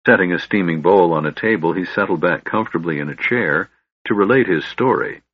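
A man reading a fantasy audiobook in a measured, solemn narration. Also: sits low, husky, no room sound. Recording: slightly dull, dry recording.

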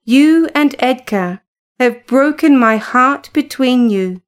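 A frail young woman near death, clinging and reproachful, as read by a woman. The voice sits high, and the words are spoken slowly. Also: expressive. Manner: reproachful, desperate.

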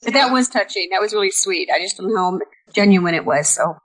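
A woman's voice: mid-range voice, lively intonation, brisk, fairly bright tone, poor audio. A woman on a podcast panel giving thoughtful, hedging opinions. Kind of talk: casual podcast chat.

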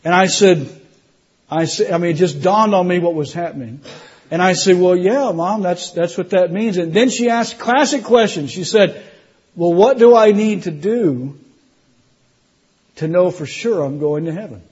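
A middle-aged man delivers a sermon testimony, stumbling over restarts and then lifting his voice for emphasis. His voice sits high and sounds husky. The recording is dull and muffled. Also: moderate pace, a little mellow. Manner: storytelling with restarts, rising emphasis. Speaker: preacher.

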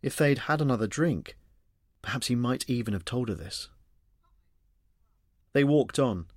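A man reading a novel aloud as an audiobook narrator, expressive and shifting his voice for the dialogue. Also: mid-range voice, a little slow, dry recording, studio quality.

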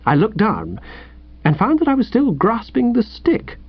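A man reading a first-person comic story aloud in a wry, lively storytelling manner. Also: sits high, a little slow, husky, no room sound, muffled recording. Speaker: audiobook narrator.

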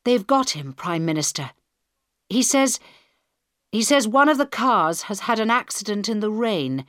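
A woman reading the part of a male aide reporting to the prime minister, brisk and deferential. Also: mid-range voice, lively intonation, a bit bright, no echo, clean studio sound, pitched above the performer's own voice. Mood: anxious.

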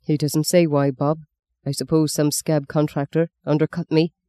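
A man voicing a weary middle-aged father, a shearer, speaking in a flat, resigned way. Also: on the high side, moderate pace, smooth, no echo, studio quality, close to an everyday voice.

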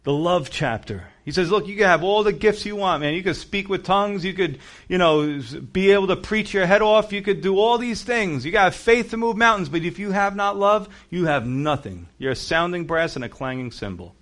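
A man's voice: normal speed, few pauses. A male pastor preaching a casual, conversational sermon, acting out quotes and cracking jokes with laughter. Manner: animated, acts out quotes with shifting pitch and volume; conversational, jokey asides with laughter.

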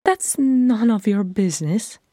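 A woman reader voicing a reserved young singer who speaks quietly and guardedly in a fan-read audiobook. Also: medium pitch, lively intonation, unhurried, dry recording, clean studio sound, voice pushed up. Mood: curt.

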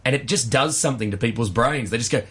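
A man's voice: medium pitch, a bit bright, breathy edge. A man from Australia, a guest comedian, telling brash, mocking stories in a radio studio. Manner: brash, mocking, with quick put-on voices. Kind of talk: animated comic storytelling.

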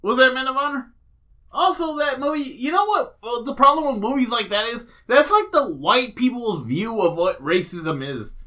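A man's voice: very high-pitched, animated, normal speed, sharp tone. A man co-hosting a podcast in crude, profane banter, rambling and trailing off mid-sentence. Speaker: podcast co-host.

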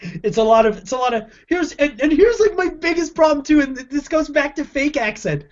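A young man co-hosting a podcast reviews a bad movie casually and emphatically, laughing often and using slang. His voice is very high-pitched and a little fast with lively intonation, on dull lo-fi audio.

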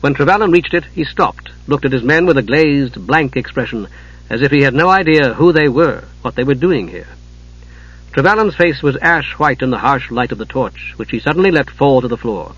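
A man reading an audiobook in a measured, dramatic narration, on a dull lo-fi recording. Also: medium pitch, expressive, a bit bright, breathy edge.

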